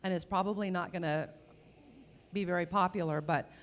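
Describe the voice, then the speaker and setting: A woman serving as mayor, speaking at a public panel in a measured, reflective way, often posing questions. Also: lowish voice, fairly even intonation. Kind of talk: panel discussion remarks.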